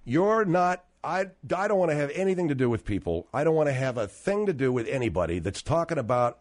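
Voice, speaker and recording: A man's voice: mid-range voice, big pitch swings, fast, hardly any pauses. Blunt ranting talk show man. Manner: blunt, profane and combative.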